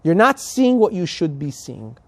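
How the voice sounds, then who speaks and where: A man's voice: a little high, very animated, measured pace, no room sound. Man, rabbi, sermon, storytelling, emphatic, dry room. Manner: emphatic, rising to passionate appeals.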